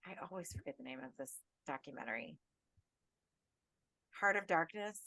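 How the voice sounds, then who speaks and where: A woman co-hosting a casual horror podcast, ranting with lots of swearing in an animated, tipsy way. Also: deep voice, moderate pace, creaky, no echo. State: tipsy and tired. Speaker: podcast co-host.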